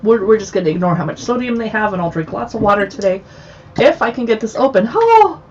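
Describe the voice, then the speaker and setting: A woman hosting a casual live video chat, tasting snacks, chatty and quick to laugh. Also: mid-range voice. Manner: chatty, laughs easily, talks with her mouth full. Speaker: host. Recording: dull lo-fi sound with faint noise.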